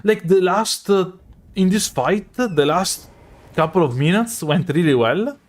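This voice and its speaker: Male live streamer, slightly high voice, loose rambling chat with lots of fillers. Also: expressive, measured pace. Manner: rambling, many fillers and restarts. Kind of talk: casual chat while gaming.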